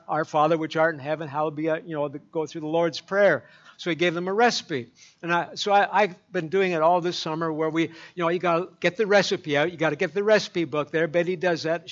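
A man preaching a sermon as pastor, folksy and rambling, with many fillers and restarts. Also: on the high side. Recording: dull lo-fi recording.

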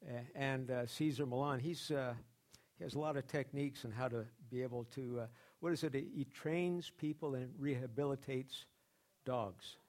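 Male pastor, middle-range voice, loose rambling sermon delivery with restarts, pops into higher voices for quoted people. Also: moderate pace, a little mellow. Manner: rambling, many restarts and fillers.

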